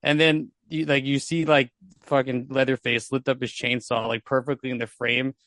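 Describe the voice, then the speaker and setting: Sex: man. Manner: animated film buff, laughs often. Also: mid-range voice, moderate pace, no echo, clean studio sound. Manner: animated, laughs often, points out shots and effects. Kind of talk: casual film discussion.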